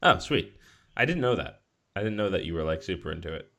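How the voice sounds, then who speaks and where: A man with a fairly low voice hosts a casual podcast chat. He talks eagerly, laughs often and keeps restarting his sentences. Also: very animated, fast, heavy background noise. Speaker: podcast host.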